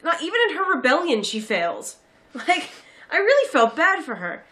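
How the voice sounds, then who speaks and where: A woman in her thirties chatting casually about a film, sarcastic and animated, often putting on mocking voices. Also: high-pitched, normal speed. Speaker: film reviewer. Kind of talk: casual chat.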